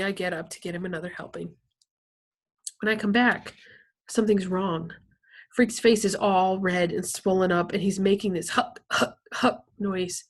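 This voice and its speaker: A woman reading a children's novel aloud in an expressive, lively storytelling manner. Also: mid-range voice, moderate pace. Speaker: reader.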